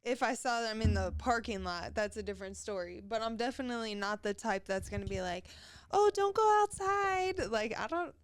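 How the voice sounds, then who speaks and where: A young woman co-hosting a podcast, chatting in a relaxed way and laughing often. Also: mid-range voice, fairly quick, hardly any pauses, smooth, no echo. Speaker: podcast co-host. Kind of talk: casual chat.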